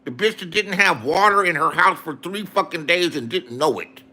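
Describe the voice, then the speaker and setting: A man's voice: on the high side, lively intonation, moderate pace, sharp tone. A man in a profane, angry rant to his viewers, repeating insults. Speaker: online streamer.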